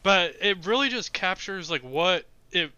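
Bright hesitant man. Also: high-pitched, expressive, unhurried, clear, resonant tone, dry recording, dull audio. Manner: hesitant, many fillers, laughing. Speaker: podcast co-host. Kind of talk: casual chat.

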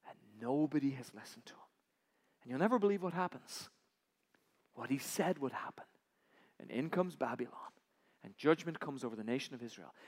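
High-voiced man preaching in a hall. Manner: dramatic storytelling, acting out voices, swinging from loud to hushed. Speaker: pastor. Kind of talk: sermon. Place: church sanctuary. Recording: church hall reverb.

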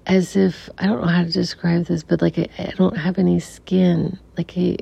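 A middle-aged woman telling a reflective personal story as a podcast guest, softly and haltingly, with many restarts and some near-whispers. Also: on the low side, flat delivery, vocal fry, slightly rough. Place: room in a family home. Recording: dull recording with faint air conditioner hum. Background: air conditioner hum.

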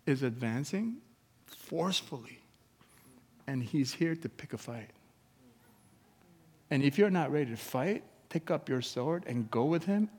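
A man preaching a sermon as pastor, energetic and emphatic, with casual asides to the congregation. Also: medium pitch. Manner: energetic preaching, rising to loud emphatic peaks; conversational asides with chuckles to the congregation. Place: church sanctuary. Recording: long reverb of a church hall.

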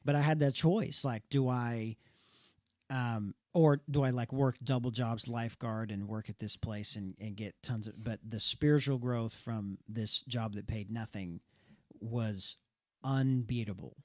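A young man telling a personal story in a casual talk show, earnest and animated, stumbling and restarting as he goes. His voice sits at an ordinary middle pitch. The recording is dry and close. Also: unhurried, no room sound. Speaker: podcast co-host.

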